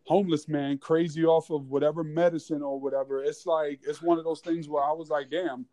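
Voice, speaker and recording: A young man from New York, hosting a casual chat and telling a story in a relaxed way, with many "like"s. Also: a little high, fairly quick. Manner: laid-back, filler-heavy, many "like"s. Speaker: host.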